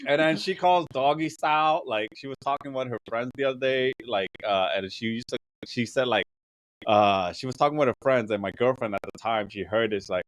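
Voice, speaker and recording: A man's voice: mid-range voice, brisk, no echo, low-quality recording. A man on a podcast, telling rambling, raunchy stories in casual chat and laughing often mid-sentence. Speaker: podcast host.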